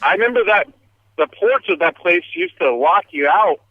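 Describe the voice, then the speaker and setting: A man's voice: sits high, animated, moderate pace, phone-quality sound. A man on a podcast in casual chat, reminiscing in a hesitant way with many fillers. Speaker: podcast guest.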